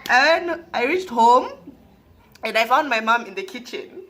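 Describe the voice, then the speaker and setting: A woman from Zambia, telling a personal story to her viewers, often laughing and dropping into hushed asides. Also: on the high side, big pitch swings, measured pace, noisy background. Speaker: vlogger. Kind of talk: storytime monologue.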